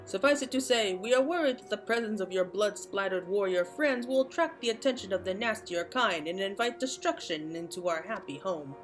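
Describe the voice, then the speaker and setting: A woman's voice: medium pitch, expressive, brisk, hardly any pauses, soft background music, natural voice. A woman voicing a big, pompous male Moogle chieftain in a game, reading his lines in a stately, old-fashioned way. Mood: grave. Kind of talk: reading game dialogue aloud.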